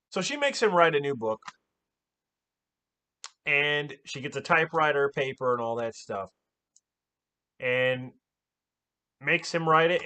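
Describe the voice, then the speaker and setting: An animated man recaps a horror movie in casual talk, exclaiming and swearing freely. His voice swings widely up and down in pitch. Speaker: movie reviewer.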